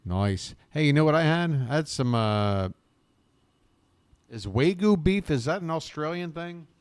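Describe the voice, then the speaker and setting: A man's voice: on the high side, animated, unhurried, smooth, no echo. An American man hosting a live stream from his home, rambling casually and chatting with viewers by name, with some swearing. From United States. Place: home abroad, living in Bangkok.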